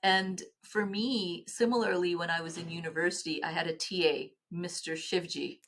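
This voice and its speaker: A middle-aged woman, telling personal stories as a podcast guest in an earnest, halting way with many restarts. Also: on the low side, steady tone, fairly bright tone. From Canada. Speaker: guest, nonprofit executive. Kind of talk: podcast interview storytelling.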